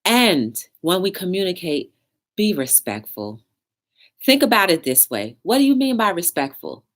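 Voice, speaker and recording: A young woman hosts a casual live talk show in a low voice. She speaks in a chatty, preachy way and answers viewers' comments as she goes. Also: very animated, normal speed.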